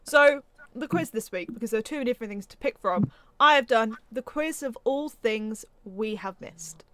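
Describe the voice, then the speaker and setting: A woman's voice: fairly high pitch, expressive, normal speed, a bit bright, no room sound. A woman co-hosting a casual podcast chat and running a quiz, talking chattily and stumbling over names with a laugh at herself.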